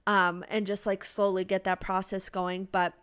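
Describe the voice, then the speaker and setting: A woman's voice: medium pitch, little pitch movement, normal speed, fairly bright tone, clean tone. A woman co-hosting a podcast in casual chat, hyper and chatty, her nose stuffy from a cold. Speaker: podcast co-host.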